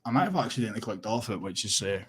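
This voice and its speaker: Scottish male streamer, husky, sweary, rambly, casual chat. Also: on the low side, big pitch swings, rapid-fire, a bit bright. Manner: sweary, rambling, laughs often. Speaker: livestream host.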